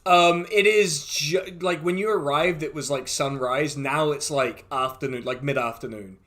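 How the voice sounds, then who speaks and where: A man narrating a tabletop game session as its dungeon master. His voice sits fairly high and sounds bright and forward. He rambles cheerfully, chuckles between lines and fills the gaps with "like" and "um". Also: a little slow. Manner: chuckling often, loose and rambling with many fillers.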